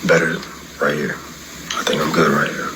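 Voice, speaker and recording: A man playing a stubborn husband in counseling who refuses flatly and deadpan. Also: extremely low pitch, normal speed. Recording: clip with background noise.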